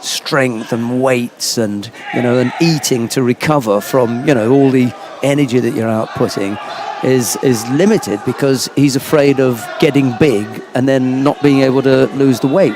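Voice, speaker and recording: A man's voice: mid-range voice, background noise. Chatty male judo commentator. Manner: chatty, anecdotal. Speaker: sports commentator. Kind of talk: live sports commentary.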